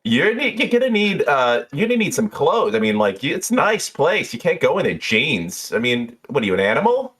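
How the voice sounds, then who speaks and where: A man voicing a shrill, excitable female bartender who gushes and calls people honey and baby. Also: fairly quick, hardly any pauses, slightly rough, exaggerated voice. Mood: gushing.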